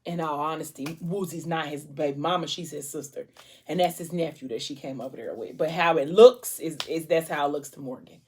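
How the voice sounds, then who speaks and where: A woman with a somewhat low voice chats casually into her camera. She retells a novel's plot with lively storytelling energy. She also acts out the characters' lines as she goes. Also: fairly quick, breathy edge. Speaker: vlogger. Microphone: camera mic.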